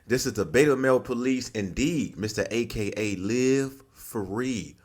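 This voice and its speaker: A man's voice: mid-range voice, lively intonation, unhurried. A man hosting his channel, giving loose, slangy reaction commentary and laughing often. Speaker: channel host.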